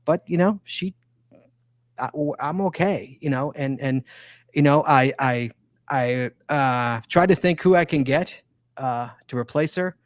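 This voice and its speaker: A man's voice: mid-range voice, measured pace, no echo, clean studio sound. A man hosting a casual podcast, talking in a rambling, stop-start way. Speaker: podcast host.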